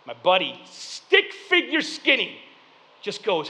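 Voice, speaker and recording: A man in his thirties preaching a sermon, telling personal stories with lively swings between loud punchlines and hushed reflection. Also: very high voice, brisk, long reverb tail, low-quality recording. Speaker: pastor.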